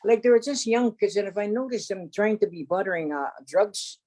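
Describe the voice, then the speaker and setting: An older woman from Canada, an elder telling stories from her life in an unscripted, halting way, often restarting and adding "eh?". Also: mid-range voice, animated, warm tone. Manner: halting, with many restarts, fillers and a tag "eh?". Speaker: elder storyteller. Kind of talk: unscripted spoken storytelling.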